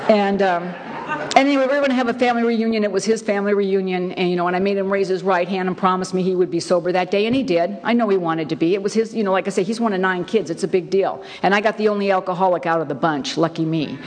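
A middle-aged woman gives a personal testimony in a frank, wry way, leaning hard on repeated words and filling pauses with "you know". Her voice sits at a middle pitch. It rings with the long echo of a large hall. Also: a little mellow. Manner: candid, wry, emphatic, many fillers. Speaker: speaker sharing her story at a recovery meeting.

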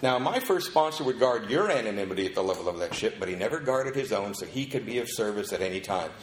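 A man telling a lively story at a recovery meeting and acting out the people in it. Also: fairly low pitch, quick pace, reverberant. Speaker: speaker sharing his story at a recovery meeting.

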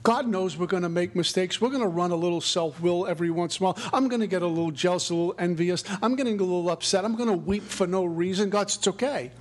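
A middle-aged man with a notably high voice gives a spiritual recovery talk. He speaks earnestly and reflectively. His phrasing has a preacherly lilt. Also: quick pace, few pauses.

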